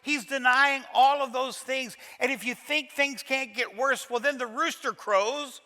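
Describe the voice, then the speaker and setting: In a large church auditorium with reverberant acoustics, a Kentucky pastor preaches a sermon, dramatically retelling a scene with folksy humor. His voice is very high, pushed and bright, with a steady tone and measured pace.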